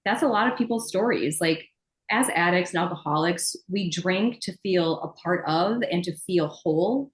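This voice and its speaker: A woman's voice: on the low side, moderate pace, roomy sound, rough recording. A woman co-hosting a recovery podcast, talking in an earnest, reflective way. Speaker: podcast co-host. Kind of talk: casual podcast chat.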